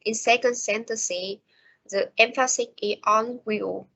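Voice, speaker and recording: A woman giving a class presentation on pronunciation, reading her prepared notes slowly and carefully. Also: on the high side, fairly even intonation, gravelly, fairly bright tone. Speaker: student presenter. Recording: dull lo-fi recording.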